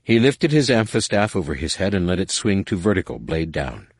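A man reading a dramatic story as narrator, measured, with slow emphatic pauses. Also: deep voice, very animated, husky, no echo, clean studio sound. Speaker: audiobook narrator. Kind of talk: scripted narration.

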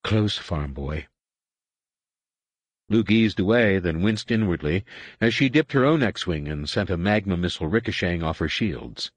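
A male audiobook narrator giving a dramatic, animated reading. His voice sits low, swings widely in pitch, and sounds dry and close to the mic. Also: normal speed, dry recording. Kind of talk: scripted narration.

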